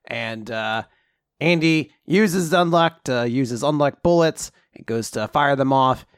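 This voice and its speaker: A man in casual chat, animated and laughing often as he swears and acts out character lines. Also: medium pitch, unhurried, clear, resonant tone, no echo, studio quality. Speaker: podcast co-host. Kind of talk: casual chat recapping a comic.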